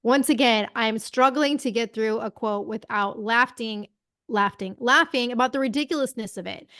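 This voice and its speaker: A woman with a fairly high voice co-hosts a political podcast. She mocks her targets with biting sarcasm and swears freely. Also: fairly bright tone, no echo, studio quality. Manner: sarcastic, scornful, profane. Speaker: podcast co-host.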